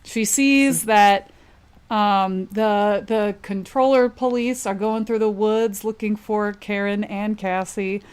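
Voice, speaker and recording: A woman's voice: medium pitch, fairly even intonation, slow pace, a little mellow, smooth. A woman co-hosting a podcast, casually recapping a book with frequent laughs and fillers. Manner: laughs often, filler-heavy retelling. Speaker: podcast co-host.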